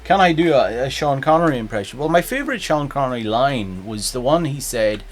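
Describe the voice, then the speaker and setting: Casual guy rambling on stream, very animated voice, keyboard clicks. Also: mid-range voice, brisk, a little hiss or hum. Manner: joking, rambling, playful. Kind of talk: casual gameplay stream chat.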